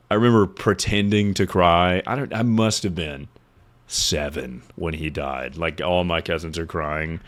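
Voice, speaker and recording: A man streamer chatting casually to his viewers, rambling and swearing freely as he reacts to confessions. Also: deep voice. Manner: loose, rambling and profane. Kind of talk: casual livestream chat.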